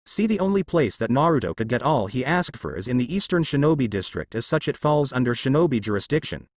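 A man's voice: medium pitch, sing-song, fast, no echo, clean studio sound. A man voicing a stern, commanding elderly male village leader in a fan fiction reading. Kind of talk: fan fiction read-aloud.

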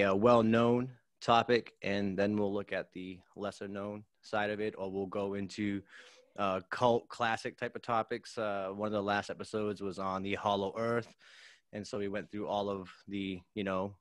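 A young adult man chatting as a podcast guest, upbeat and energetic, laughing a lot and using slang, from his home podcast studio. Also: on the low side, no room sound. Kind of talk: casual chat.

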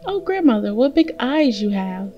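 A woman's voice: on the high side, very animated, normal speed, dull audio, faint music behind. A woman voicing an innocent, trusting young girl in a read-aloud fairy tale. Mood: wondering.

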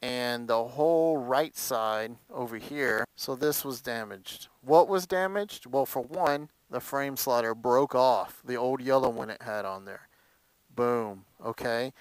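Smooth-voiced man rambling about his bike. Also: medium pitch, slow pace, no room sound, low-quality recording. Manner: rambling, lots of "uh" fillers; animated storytelling. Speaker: motorcycle vlogger. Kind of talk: casual chat.

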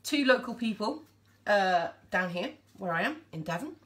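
Chatty woman hosting a live stream, very animated pitch, talks straight to her viewers. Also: normal speed. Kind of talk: casual live-stream chat.

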